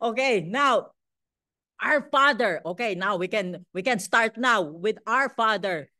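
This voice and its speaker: Woman pastor, Filipino accent, higher-pitched voice, lively sermon delivery, repeats lines for emphasis. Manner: lively, repeats phrases for emphasis, asks the congregation questions.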